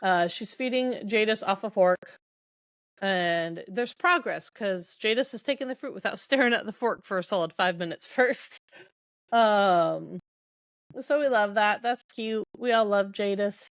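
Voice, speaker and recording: A woman's voice: mid-range voice, a little slow, clean tone, no room sound, studio quality. A woman hosting a podcast, chatting casually through a book recap and laughing as she summarizes. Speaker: podcast host.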